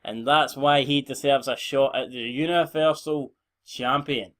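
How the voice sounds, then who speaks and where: A man's voice: mid-range voice, steady tone, a little slow, fairly bright tone. A young Scottish man giving rambling, blunt, sweary commentary on a game he is playing. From Scotland. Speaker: gaming channel host.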